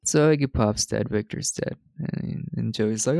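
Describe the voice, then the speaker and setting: In a dry recording, a podcast co-host casually walks through a film's scenes, quoting dialogue and laughing often. His voice sits on the low side, darkish with vocal fry, and he speaks at a measured pace.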